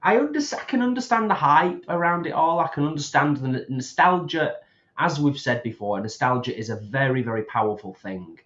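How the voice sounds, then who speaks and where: With a slightly high, animated voice and a fairly bright tone, a man talks briskly as co-host of a casual livestream. He reads viewers' comments aloud, chats, and laughs often. The audio is dull.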